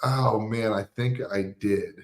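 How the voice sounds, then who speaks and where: A man's voice: on the low side, fairly even intonation, slow pace. Laid-back man in a roomy echo. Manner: laid-back, joking, swearing. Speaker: podcast co-host. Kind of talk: casual chat.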